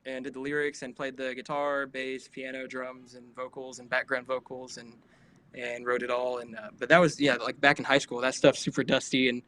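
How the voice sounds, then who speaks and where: A man's voice: medium pitch, level tone, moderate pace, sharp tone. A man in his late twenties, a musician guest on a video call, talking in a laid-back, modest way with many fillers and frequent laughs. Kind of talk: casual interview chat.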